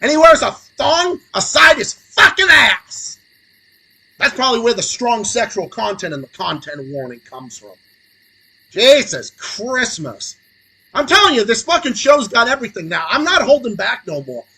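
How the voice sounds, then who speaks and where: Brief: young male streamer, furious profane rant, sneering sarcasm, raspy and bright. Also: very high voice, poor audio. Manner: angry, sarcastic, swings between muttering and shouting. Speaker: podcast host. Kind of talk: profane political rant on a livestream.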